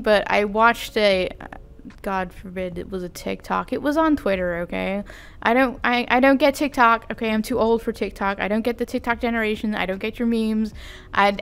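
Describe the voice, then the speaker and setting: A woman's voice: a little high, smooth. A young adult woman vlogging in a casual, rambling, self-deprecating chat with giggly asides. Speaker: vtuber vlogger.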